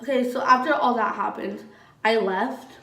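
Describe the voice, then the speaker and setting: A woman's voice: a little high, normal speed, bright, forceful tone, distant mic. A young woman telling her own story in a casual vlog, rambling with many fillers and frequent swearing. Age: young adult. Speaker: vlogger. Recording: roomy echo, voice a bit off-mic.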